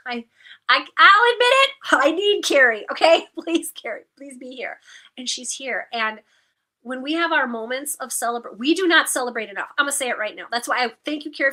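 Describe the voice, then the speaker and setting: A woman's voice: on the high side, bright, forceful tone. A woman co-host in a casual chat, upbeat, encouraging and effusive.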